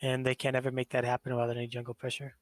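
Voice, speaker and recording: Flat-voiced man, blunt and plain. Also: mid-range voice, racing, dry recording, faint music behind, low-quality recording. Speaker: esports team player. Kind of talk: post-game interview, casual.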